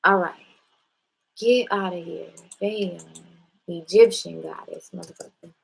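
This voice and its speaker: A woman's voice: fairly low pitch, slow pace, creaky, breathy edge, poor audio. A woman hosting a casual spiritual talk, speaking bluntly and with profanity straight to her viewers. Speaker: spiritual live-stream host.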